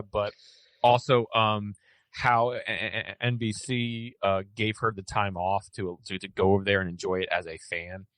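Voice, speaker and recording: A man, rambling easily through sports news as a podcast host. His voice sits fairly low, and the sound is dry and close. He trails off and restarts often. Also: fairly bright tone, no echo. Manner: rambling, many fillers and restarts. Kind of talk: casual sports podcast chat.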